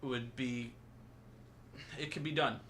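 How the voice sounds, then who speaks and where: A man's voice: medium pitch, fairly even intonation, slow, a bit bright. A young man co-hosting a casual podcast, tossing in dry, teasing quips. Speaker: podcast co-host. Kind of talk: casual chat.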